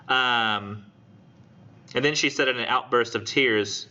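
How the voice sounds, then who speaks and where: A man teaching a college literature class in a casual, animated way, acting out quoted lines. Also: mid-range voice, slow. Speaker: college English instructor. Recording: dull lo-fi classroom recording.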